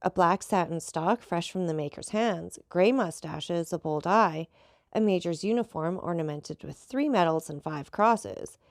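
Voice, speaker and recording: A woman narrating a classic novel in a measured, even storytelling voice. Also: lowish voice, creaky, no echo, studio quality. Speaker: audiobook reader. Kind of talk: scripted narration.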